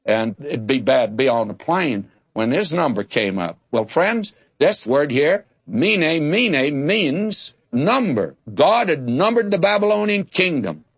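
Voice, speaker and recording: A man's voice: a little high, sing-song, unhurried, hardly any pauses, breathy edge, no echo, muffled recording. An older man giving a folksy, conversational Bible teaching, drawing out key words for emphasis and telling humorous anecdotes.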